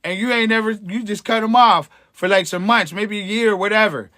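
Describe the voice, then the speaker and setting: A man's voice: high-pitched, brisk, pushed and bright. A man, hosting a livestream as an empowerment coach, talking to viewers in a preachy, encouraging way with slang and frequent chuckles. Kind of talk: livestream motivational talk to viewers.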